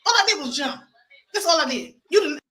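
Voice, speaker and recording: A woman's voice: high-pitched, expressive, brisk, background noise. A woman on a livestream ranting defensively against rumors, indignant and full of cursing. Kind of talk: profane livestream rant.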